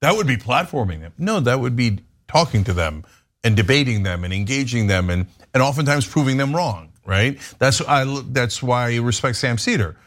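A man's voice: mid-range voice, animated, moderate pace, fairly bright tone. A middle-aged man hosting a casual political podcast chat, emphatic and laughing often. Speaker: podcast host.

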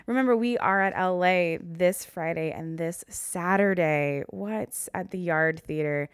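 Low-voiced woman podcast host, candid. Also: measured pace, clean tone, no room sound, studio quality. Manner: candid, rambling, self-deprecating. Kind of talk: casual solo podcast chat.

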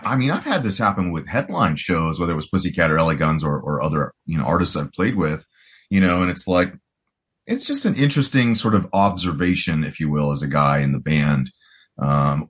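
Deep low man, forties, rambling podcast chat, lots of fillers. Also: husky. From United States. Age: 40s. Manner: rambling, full of "you know" and restarts. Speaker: guest rock guitarist. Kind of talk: casual podcast conversation.

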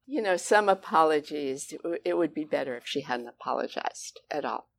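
A woman with a low voice speaks as a guest author, telling a story with lively, expressive emphasis. Her tone carries a gravelly, creaky edge throughout. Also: fairly quick. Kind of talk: conversational storytelling.

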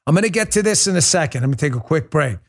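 A middle-aged man hosting a political commentary show, swinging between quiet apology and loud indignation. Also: on the high side, animated, very fast, creaky. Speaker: podcast host.

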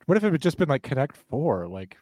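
A man's voice: medium pitch, big pitch swings, fairly quick, dark tone, no echo. Joking man co-hosting a podcast, dry sound. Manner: joking, dry mock-serious asides. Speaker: podcast co-host. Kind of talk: casual true crime chat.

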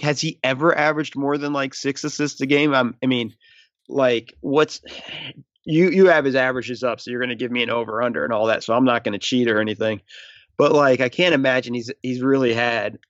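A man's voice: medium pitch, fairly bright tone, no echo. Rambling man with a muffled, dry sound. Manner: rambling, many fillers and restarts. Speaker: guest, former team video coordinator. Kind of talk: casual interview.

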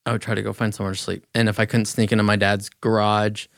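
A man's voice: on the low side, flat delivery, quick pace, vocal fry, fairly bright tone, no echo, studio quality. A man speaking as a podcast guest, talking about his past in a candid, plainspoken way. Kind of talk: casual interview talk.

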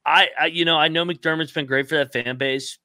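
Male co-host, slightly high and punchy, profane and emphatic, dry close sound. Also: fairly even intonation, fairly quick, bright, forceful tone, dry recording. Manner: fired-up, profane, emphatic ranting. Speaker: podcast co-host. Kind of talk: casual podcast chat.

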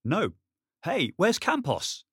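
A man reading an audiobook, voicing an impish, cheeky young male guard in his late twenties who turns sharp and anxious. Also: high voice, wildly swooping pitch, slow pace, breathy edge, no room sound, clean studio sound, pitched above the performer's own voice, exaggerated voice.

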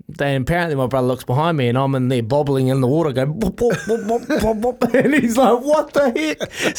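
A middle-aged man with a New Zealand accent, co-hosting a breakfast radio show in casual chat and telling stories while laughing often. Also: mid-range voice. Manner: chatty storyteller, laughs often.

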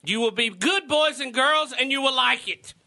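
Man doing a German-accented Santa, bossy, clipped, very high, very bright. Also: animated, moderate pace, creaky, a little hiss or hum, full character voice. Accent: German (put on). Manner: clipped, commanding, laughing through lines. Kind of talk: radio comedy sketch.

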